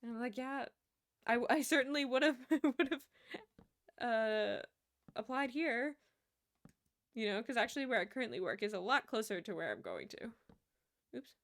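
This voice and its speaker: Chatty young woman, slightly high voice. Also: very animated, normal speed, pauses often, fairly bright tone. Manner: rambling storyteller, many fillers, laughs easily. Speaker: streamer. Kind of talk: casual chat while gaming.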